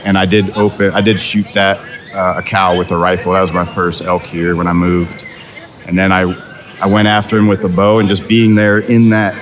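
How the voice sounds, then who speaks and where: A man chatting as a guest on an interview, relaxed and rambling with fillers and restarts. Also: deep voice, moderate pace, crowd noise. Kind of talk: casual interview chat.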